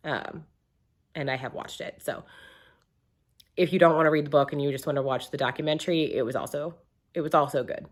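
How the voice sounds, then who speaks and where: A woman's voice: low-pitched, steady tone, a little fast, pauses often. A young woman reviewing books in a casual, rambling vlog, full of ums and restarts. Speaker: book reviewer.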